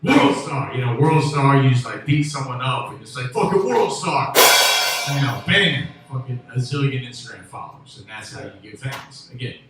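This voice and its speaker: A man from Memphis doing a stand-up comedy set, rambling and restarting, with loud bursts on his punchlines. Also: medium pitch, fast, hardly any pauses. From Memphis, USA. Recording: echoey room with faint ambient noise.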